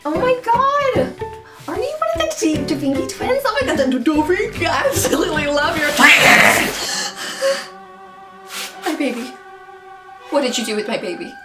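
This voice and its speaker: A woman's voice: on the high side, animated, brisk, long pauses, reverberant, loud music behind the voice, close to an everyday voice. A woman voicing a gushing, starstruck pregnant woman in a comedy skit, who turns frantic. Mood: panicked.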